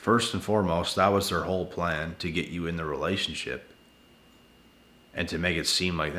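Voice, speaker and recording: Blunt male vlogger, tired late-night delivery, deep voice, echoey home room. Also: fairly even intonation, moderate pace, bright, forceful tone. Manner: blunt, repetitive, addresses viewers as guys and bro. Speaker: channel host giving relationship advice. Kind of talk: casual vlog monologue. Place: at home indoors.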